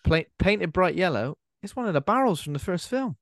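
A man's voice: high-pitched, lively intonation, brisk, dry recording, studio quality. A man co-hosting a podcast, chatting casually about a film and acting out quoted lines in silly voices. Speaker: podcast co-host.

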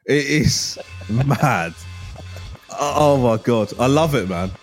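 A man's voice: mid-range voice, animated, slow, soft background music. A man hosting a casual podcast chat, enthusiastic and sweary, with lots of fillers. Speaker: podcast host.

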